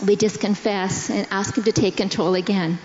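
A middle-aged woman telling a personal story to a church congregation in a slow, earnest way. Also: mid-range voice, fairly even intonation, a little mellow, slight background noise. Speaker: pastor's wife sharing testimony. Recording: echoey hall, dull sound.

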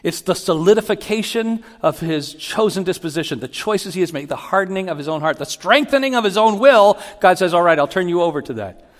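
A man giving a sermon as a pastor, teaching in an animated way and acting out Bible quotes with rising emphasis. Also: high voice, brisk. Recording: long hall reverb.

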